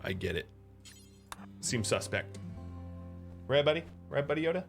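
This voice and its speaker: A man's voice: medium pitch, big pitch swings, normal speed, vocal fry, over music. An American man from the United States giving casual, chatty commentary while streaming a game, talking to viewers between moves. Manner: chatty, talks to chat and to his pet between game moves.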